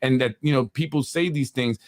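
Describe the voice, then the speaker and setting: A man's voice: mid-range voice, fairly quick, no echo, clean studio sound. A man hosting a political talk show, indignant and full of rhetorical questions. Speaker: host.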